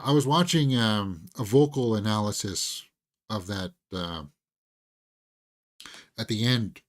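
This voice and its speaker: A man's voice: mid-range voice, fairly bright tone. A man who is losing his voice, hosting a casual movie talk stream, rambling with lots of fillers and chuckles. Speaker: host of a movie talk channel. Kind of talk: casual live-stream chat.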